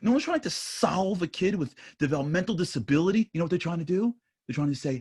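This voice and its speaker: A man speaking at a panel discussion, talking emphatically and shifting between intense points and soft asides. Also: high voice, animated, fast talker, husky. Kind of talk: impassioned panel talk.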